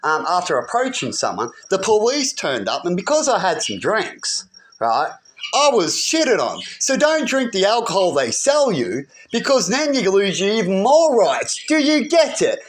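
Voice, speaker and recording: A man's voice: high-pitched, huge pitch swings, normal speed, a little hiss or hum. A man ranting heatedly to camera, rambling and often asking "right?". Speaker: vlogger. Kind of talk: agitated personal rant.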